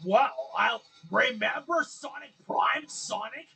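A performer voicing a brash, excitable male echidna fighter, shouting and boasting over game footage. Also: mid-range voice, takes it slowly, creaky, breathy edge, soft background music, voice pushed down, full character voice. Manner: loud, boastful, hyped-up shouting. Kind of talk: fan voice-acting over gameplay.

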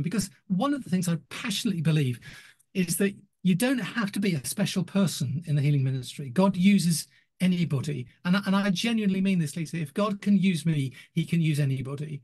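An older man recounts stories in an interview, his voice sitting a little high. He talks in an animated way, stumbling into restarts and acting out what people said. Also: fairly quick. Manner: animated storyteller, acts out quoted voices, many restarts. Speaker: retiring ministry director.

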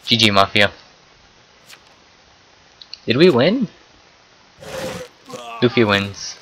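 A young man giving casual, excitable commentary while playing an online game, often swearing and exclaiming at what happens. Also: fairly low pitch, very slow, slightly rough, low-quality recording. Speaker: gameplay commentator.

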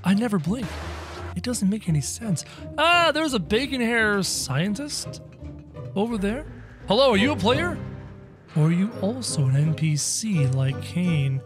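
A gaming video narrator giving excitable, playful let's-play commentary in character, bursting into yelps and laughter. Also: mid-range voice, unhurried, soft background music.

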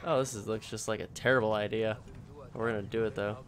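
A man's voice: lowish voice, fairly even intonation, fast, slight background noise. A man streaming a video game, swearing in frustrated outbursts and rambling through stories with lots of filler words. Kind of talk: casual gameplay commentary. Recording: game music playing behind.

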